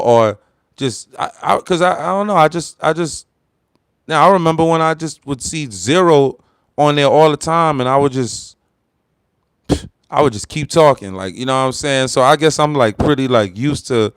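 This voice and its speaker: A young man hosting a livestream, chatting casually with his viewers, with lots of fillers, loud laughter and bursts of heated ranting. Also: mid-range voice, clean tone, no room sound, studio quality. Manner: rambling, heavy fillers, laughs loudly. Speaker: livestream host. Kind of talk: casual livestream chat reading comments.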